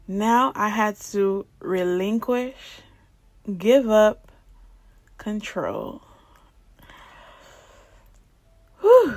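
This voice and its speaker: A woman telling a personal faith testimony in a lively way, laughing and acting out the dialogue as she goes. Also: fairly high pitch, no room sound. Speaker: ministry speaker.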